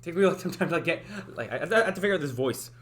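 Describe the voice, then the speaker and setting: A man's voice: fairly high pitch, expressive, rapid-fire, a bit bright. Rambling young man streaming live. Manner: rambling, hesitant, full of fillers and restarts. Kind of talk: casual livestream chat. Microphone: headphones with a desk mic.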